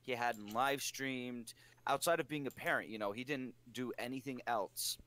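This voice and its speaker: A man co-hosting a casual online podcast, teasing his friends in an animated way. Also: medium pitch, normal speed. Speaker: podcast co-host. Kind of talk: casual chat.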